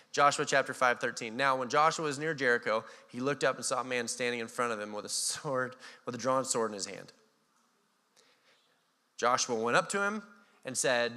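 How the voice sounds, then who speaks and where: A man with an American accent preaching a sermon as pastor, animated and acting out voices with a touch of sarcasm. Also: medium pitch. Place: church hall. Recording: church hall reverb.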